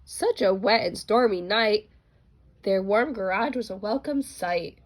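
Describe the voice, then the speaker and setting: A mother reading a bedtime picture book aloud to her children, expressive and gentle, with small asides. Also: medium pitch, a little slow. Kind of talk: storybook read-aloud.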